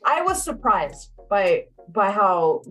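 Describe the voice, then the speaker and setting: This is a young woman chatting casually as she recaps a film. She talks bluntly, swears freely and fills her sentences with "like". Her pitch sits in an ordinary middle range. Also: big pitch swings, takes it slowly, soft background music. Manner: chatty and blunt, swears a lot, says "like" often. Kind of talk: casual chat, recapping a movie.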